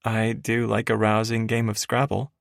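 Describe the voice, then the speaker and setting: A man's voice: fairly low pitch, completely flat delivery, normal speed, gravelly, dry recording, studio quality, pitched above the performer's own voice. A man voicing a playful young woman in an audiobook romance, light and teasing.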